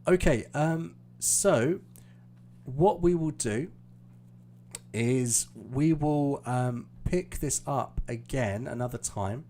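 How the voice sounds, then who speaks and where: Casting: British male English tutor, unhurried, low warm voice, on a live stream. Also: slight background noise. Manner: explaining patiently, hesitant fillers. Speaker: IELTS teacher.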